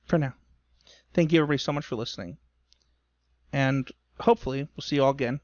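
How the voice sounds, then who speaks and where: A man's voice: mid-range voice, fast, darkish tone, dry recording, muffled recording. A man co-hosting a podcast in casual chat, rambling and self-deprecating, talking openly about his feelings. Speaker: podcast co-host. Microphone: remote call recording.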